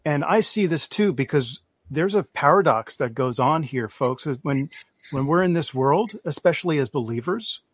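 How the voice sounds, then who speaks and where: A man hosting a faith show, giving measured, sermon-like commentary to his viewers. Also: a little high, expressive, no echo. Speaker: host.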